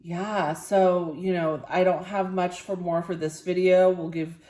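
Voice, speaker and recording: A young woman vlogging casually, rambling with many fillers, soft and a bit worn out after a medical procedure. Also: fairly low pitch, steady tone, measured pace, roomy sound. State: tired and sore after a procedure. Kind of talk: casual personal vlog.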